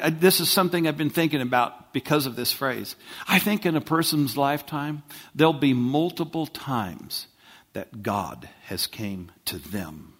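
This man's sermon has a conversational feel, full of questions for the congregation and many restarts. His voice sits in the mid range with a fairly bright tone.

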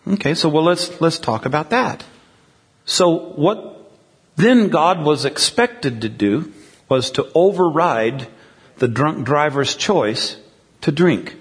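A man's voice: a little high, expressive, slow pace, husky, in a large hall. A man preaching a sermon in a conversational way, often checking in with the congregation through questions. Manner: conversational, asks the crowd questions. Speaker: pastor.

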